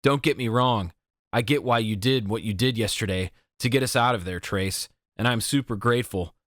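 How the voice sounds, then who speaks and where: A man voicing a gentle, nature-loving teenage girl in an audiobook, speaking earnestly. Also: fairly low pitch, normal speed, dry recording, studio quality, close to an everyday voice. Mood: pouty.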